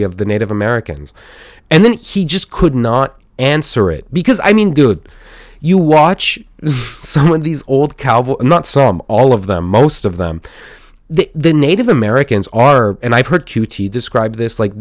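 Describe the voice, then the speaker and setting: A man's voice: on the low side, no echo, clean studio sound. A man hosting a casual solo podcast, rambling enthusiastically with many fillers and restarts. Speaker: podcast host.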